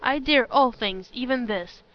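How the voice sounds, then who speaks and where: A woman reading the part of a jealous, scheming young woman who turns spiteful and shrill, in a storybook reading. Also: a little slow, highs cut off, natural voice. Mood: furious. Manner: spiteful, flares into shrill fury.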